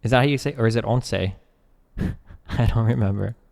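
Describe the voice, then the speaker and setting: A man's voice: fairly low pitch, creaky, darkish tone. Young man streaming with a reverby mic. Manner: reads text aloud quickly, breaks off to chat and joke; swears casually. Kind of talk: casual live-stream commentary.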